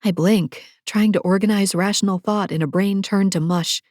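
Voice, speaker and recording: A woman's voice: medium pitch, steady tone, moderate pace, few pauses, a little mellow, dry recording, clean studio sound. A woman narrating a first-person romance novel with sassy, playful asides. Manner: sassy, playful asides, breathy whispers in intimate moments. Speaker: audiobook narrator. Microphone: close studio mic.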